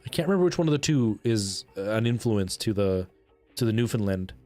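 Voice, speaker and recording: A man's voice: fairly low pitch, lively intonation, brisk, a little mellow. A man livestreaming a game, rambling and thinking aloud in casual chat and greeting viewers. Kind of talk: casual live-stream chat while gaming. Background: game music.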